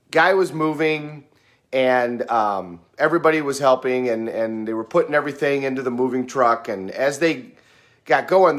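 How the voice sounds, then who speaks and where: A middle-aged man from the United States muses aloud in a casual monologue. He tells his story in an unhurried, folksy way, with fillers between thoughts. His pitch sits in the middle range. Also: fairly bright tone. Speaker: speaker sharing reflections.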